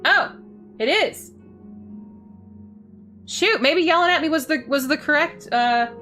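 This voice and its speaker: A woman's voice: sits high, slow, bright, forceful tone, faint music behind. A woman streaming a video game, chatting playfully and a bit silly with her viewers as she plays. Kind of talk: casual gaming stream chat.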